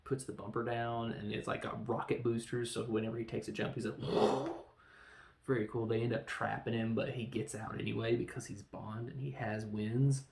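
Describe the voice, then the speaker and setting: A man talks through a film plot on his review podcast in a loose, rambling way, slipping into quick character voices. His voice has a gravelly edge, and the room around him sounds roomy and echoey. His pitch sits in an ordinary middle range. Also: level tone, a little mellow. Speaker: podcast host reviewing films. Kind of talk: casual film review monologue.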